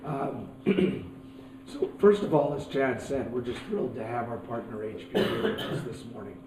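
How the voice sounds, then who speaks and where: A man's voice: medium pitch, a little fast, crowd noise. A man who has lost his voice, moderating a conference fireside chat. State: lost voice, hoarse. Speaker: CEO moderating a panel. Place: conference stage. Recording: distant mic in an echoey hall.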